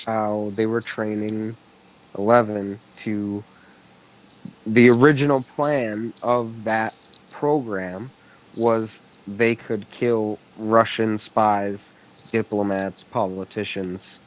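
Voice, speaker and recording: A man's voice: lowish voice, slow pace, lo-fi sound. A man in a casual podcast chat, explaining things at length and with care for detail.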